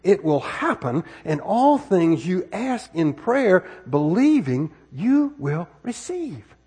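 A high-pitched American man preaches in a church through a worn microphone, his voice husky. His delivery swings widely in pitch as he asks the congregation question after question and circles back over his own phrases. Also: very animated, slow pace, a little mellow. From United States. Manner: conversational preaching with frequent rhetorical questions and repetitions. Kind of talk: sermon. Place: church sanctuary. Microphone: wireless microphone worn on body.

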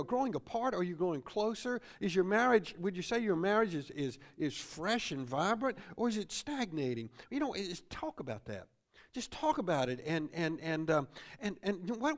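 A middle-aged man preaching a sermon as pastor in a church, repeating phrases and ending points with "see?". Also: high-pitched.

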